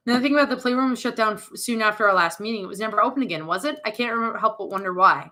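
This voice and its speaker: A woman's voice: fairly high pitch, fast talker, pushed and bright. A young woman streamer who makes jokey, jumpy commentary as she plays a horror game.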